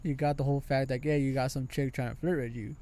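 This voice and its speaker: A man co-hosting a podcast in casual chat, halting and repeating himself as he makes his point. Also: medium pitch, fairly even intonation, dark tone. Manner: halting, repeats words, calls friend "dude". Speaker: podcast co-host.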